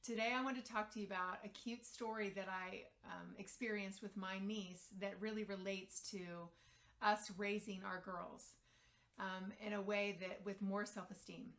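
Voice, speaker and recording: A woman's voice: mid-range voice, level tone, normal speed, a bit bright. A woman speaking as a parent coach, telling a story and giving advice directly to the camera in a conversational way with the occasional filler.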